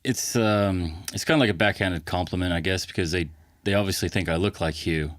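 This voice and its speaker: A middle-aged man with an American accent, chatting easily as a podcast guest in a recording studio, unhurried with plenty of fillers. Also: deep voice, dry recording. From England. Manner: easygoing, relaxed, halting with fillers. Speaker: podcast guest, costumed street performer. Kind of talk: casual interview chat.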